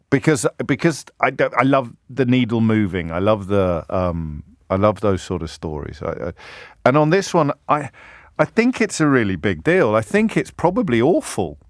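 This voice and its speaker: A middle-aged man hosting a radio phone-in, talking in a lively, self-interrupting way and slipping into mimicked heckler voices. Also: mid-range voice, dry recording, clean studio sound. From England. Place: radio studio. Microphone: studio microphone.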